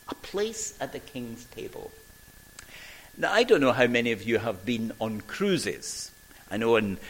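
Older man preaching slowly. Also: medium pitch, a bit bright, rough recording. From Scotland. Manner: storytelling, acts out quoted voices, slow emphatic pauses. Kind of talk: sermon.

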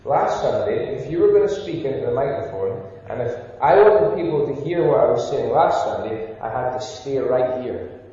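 A man's voice: mid-range voice, lively intonation, normal speed, few pauses, dark tone. Man coaxing children in an echoey church. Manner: teasing, coaxing questions to children. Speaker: minister giving a children's talk. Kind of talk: playful children's address in church. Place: large church hall. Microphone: wireless handheld mic, heard from far off. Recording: echoey church hall from far off, dull.

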